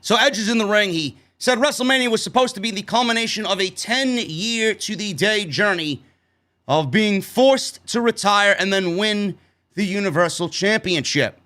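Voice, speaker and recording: A man's voice: high voice, moderate pace, sharp tone. A man hosting a wrestling show review, ranting heatedly and swearing constantly as he talks through the episode.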